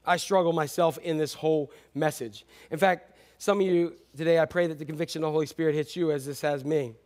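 A man preaching a sermon as a pastor, animated, swinging between loud and hushed delivery. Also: a little high, a little fast.

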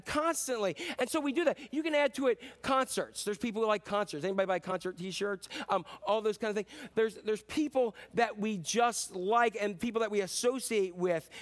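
A man preaching a sermon as pastor, telling stories in a casual, animated way with sudden whoops and cheers. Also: high voice.

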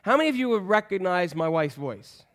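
A pastor in his fifties with a high-sitting voice preaches a sermon briskly, in a conversational, animated style, acting out the voices he quotes.

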